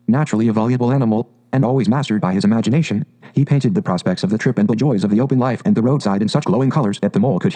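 A man reading a classic animal storybook aloud in a measured, expressive way. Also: medium pitch, poor audio. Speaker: audiobook narrator.

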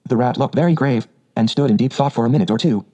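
A man narrating an audiobook in a measured, unhurried storytelling manner. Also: medium pitch, warm tone, muffled recording.

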